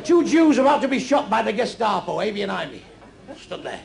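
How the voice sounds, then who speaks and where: Gravelly-voiced man telling crude jokes. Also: sits high, very animated, a little fast, crowd noise. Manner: crude, blunt joke-telling with constant swearing. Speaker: stand-up comedian. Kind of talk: stand-up comedy routine. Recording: noisy live club recording.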